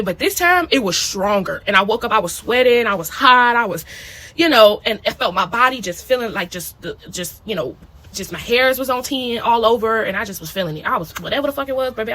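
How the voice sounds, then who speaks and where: Casual and animated, a spiritual video diarist with a mid-range voice relates a personal story, swearing without restraint and repeatedly checking in with "you know" and "okay?". The recording quality is rough.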